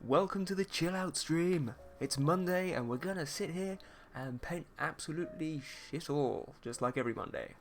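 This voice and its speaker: A man's voice: on the high side, expressive, normal speed, few pauses, slight background noise. A man with a posh British accent, hosting a casual art livestream and chatting and teasing his viewers in a playful way. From England. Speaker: art streamer host.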